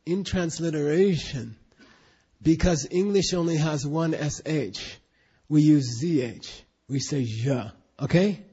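A man's voice: fairly high pitch, dark tone, husky. A man teaching a Buddhist class in an emphatic, questioning way, drilling students in recitation, on a dull lo-fi recording.

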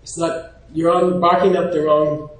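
A man giving an informal, animated lecture, often pausing to check in with his class. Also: fairly high pitch. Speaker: teacher. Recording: very echoey room.

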